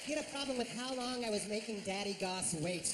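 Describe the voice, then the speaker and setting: A man's voice: high voice, fairly quick. A man performing a stand-up routine on a club stage, telling a story with big swings in his voice. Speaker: stand-up comedian. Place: comedy club stage before a live audience. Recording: reverberant club hall with audience noise.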